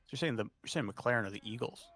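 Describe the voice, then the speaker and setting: A man's voice: medium pitch, expressive, quick pace, a bit bright, faint music behind. Playful male podcast co-host. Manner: laughs easily, playful. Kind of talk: casual chat.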